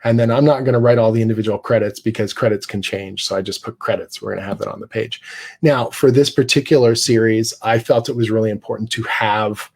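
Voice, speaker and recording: A man's voice: lowish voice, fairly even intonation, fast. Casual man explaining his writing process. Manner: explanatory, casual, frequent fillers and restarts; reads his own script passages aloud. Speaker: comics writer teaching a class. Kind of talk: live online class.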